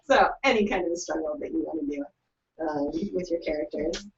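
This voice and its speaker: An upbeat young woman co-hosts a writing livestream and reads out short excerpts, laughing easily. Her voice has a gravelly fry. The room is echoey and the sound dull and lo-fi. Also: sits low, fairly quick, a crowd in the background. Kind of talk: casual chat, reading out submissions.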